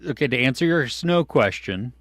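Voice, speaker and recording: A man co-hosting a casual live stream, reading viewers' comments and swinging from excited outbursts to low mutters. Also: normal speed, dry recording, clean studio sound. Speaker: podcast co-host reading live chat. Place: home studio.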